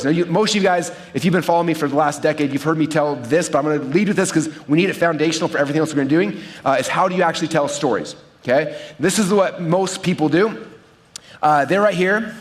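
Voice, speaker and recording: Fast-talking energetic male seminar speaker. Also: on the high side. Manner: energetic, checks in with the audience with "right?" and "okay?". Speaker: seminar speaker teaching marketing. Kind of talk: live seminar talk with storytelling. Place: in front of a live audience.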